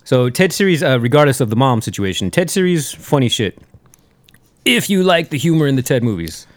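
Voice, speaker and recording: A man's voice: medium pitch, big pitch swings, a little fast, dry recording. A man co-hosting a podcast in casual chat, laid-back and swearing a lot. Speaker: podcast co-host.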